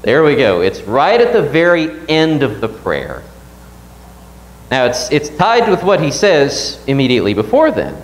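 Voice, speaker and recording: A man's voice: mid-range voice, wildly swooping pitch, unhurried, echoey room, a little hiss or hum, rough recording. A man teaching a Sunday Bible class at church, reading scripture aloud and asking the class questions.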